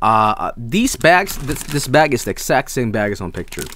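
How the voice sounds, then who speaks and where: A man's voice: mid-range voice, sing-song, normal speed, fairly bright tone, slight background noise. A man from Sweden, hosting a casual snack review stream, enthusiastic and rambling, swearing freely. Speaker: streamer host.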